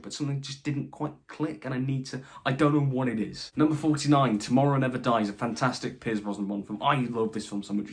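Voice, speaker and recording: A young man casually reviewing films in a ranked list, upbeat and chatty, lifting his voice to announce each new number. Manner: enthusiastic, announces each rank with a lift in pitch. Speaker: film reviewer.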